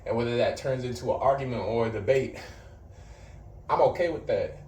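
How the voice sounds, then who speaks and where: A man's voice: medium pitch, brisk, mellow, distant mic. A man in casual vlog talk, blunt and slangy, swearing and boastful, a little out of breath. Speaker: vlogger. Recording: roomy sound from off the mic with faint background noise.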